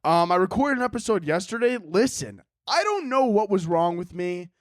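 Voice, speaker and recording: A man's voice: high-pitched, big pitch swings, moderate pace, no echo, studio quality. A man hosting his own podcast, telling a story in casual, profane talk, laughing often and acting out both sides. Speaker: podcast host.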